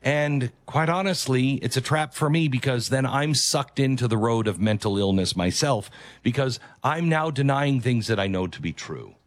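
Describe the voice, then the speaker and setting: A man's voice: medium pitch, animated, normal speed, no echo. A man hosting a commentary show, talking earnestly and emphatically and repeating his key phrases. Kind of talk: opinion commentary on a video clip.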